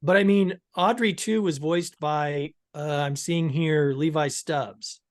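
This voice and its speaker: A man's voice: fairly high pitch, steady tone, slow, dry recording, clean studio sound. A man co-hosting a podcast, asking curious questions in a casual, easygoing way. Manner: curious, questioning, laughs easily. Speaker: podcast co-host. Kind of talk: casual discussion.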